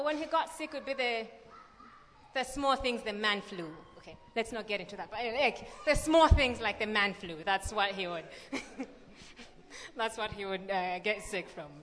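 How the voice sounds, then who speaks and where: A young woman with a slightly high voice reads scripture and then shares a personal story at a church gathering. She talks in a lively way, full of fillers and quick asides. Her voice carries a long reverb from a large hall. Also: a little hiss or hum. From Malawi. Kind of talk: scripture reading and personal testimony.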